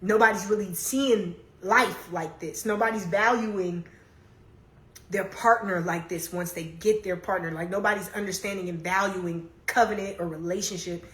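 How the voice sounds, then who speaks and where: A young woman hosts a casual livestream, chatting candidly, laughing often, and reading and answering comments. Her medium-pitched voice sounds reverberant, picked up on a phone microphone.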